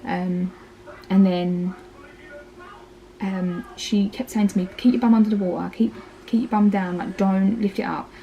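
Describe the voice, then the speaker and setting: A woman's voice: medium pitch, steady tone, unhurried, gravelly, highs cut off, a little hiss or hum. A woman in her thirties with an Essex accent, chatting casually through her birth story with plenty of "like" and "um". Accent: Essex English. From Essex, England. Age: 30s. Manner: chatty, lots of "like" and "um", acts out quoted lines. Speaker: parenting vlogger.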